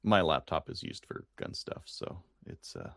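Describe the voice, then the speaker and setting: A man's voice: very deep voice, wildly swooping pitch, unhurried, creaky, a bit bright. A man co-hosting a podcast, chatting casually and rambling with fillers and restarts, from Canada. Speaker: podcast co-host. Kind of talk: casual chat.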